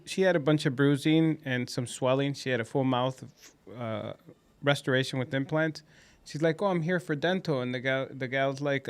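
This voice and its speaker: A man's voice: mid-range voice, clean tone. A man co-hosting a dental clinic podcast, telling stories in casual chat and acting out conversations with patients.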